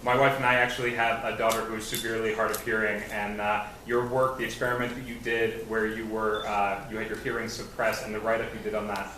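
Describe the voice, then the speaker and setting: A hesitant man stumbles through earnest thanks from the audience floor. His voice carries across a cavernous, echoing hall, picked up from a distance, with clear background hiss. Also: lowish voice, little pitch movement, fast, hardly any pauses, bright, forceful tone. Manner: hesitant, full of ums, earnest. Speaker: fan asking a question. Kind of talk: halting audience question. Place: large convention hall. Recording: echoey hall recorded from far off with hiss.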